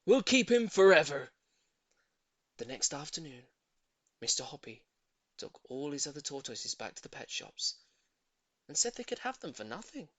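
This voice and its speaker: Expressive male storybook reader. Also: medium pitch, normal speed, long pauses, slightly rough, no room sound. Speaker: audiobook reader. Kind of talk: storybook narration.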